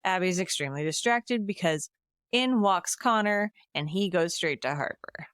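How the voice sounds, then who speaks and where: Woman briskly recapping a film plot. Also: lowish voice, clean tone, no room sound, studio quality. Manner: lively retelling with laughs and quoted lines. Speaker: podcast co-host recapping a film. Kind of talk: casual chat, plot recap.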